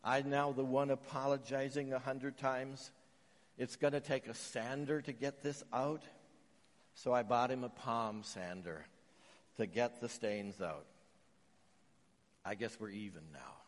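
Earnest man preaching in a reverberant hall. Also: medium pitch. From Canada. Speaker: pastor. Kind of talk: sermon.

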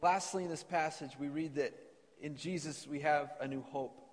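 A man's voice: on the high side, fairly even intonation, normal speed. A man preaching an earnest sermon to a congregation and reading scripture aloud in a church. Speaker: pastor. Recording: long reverb of a church hall.

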